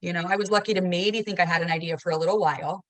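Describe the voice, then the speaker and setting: A woman's voice: lowish voice, steady tone, dry recording, rough recording. A mother of a child with a rare disease sharing her experiences earnestly and reflectively in a support group. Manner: earnest, reflective, quick bursts of speech.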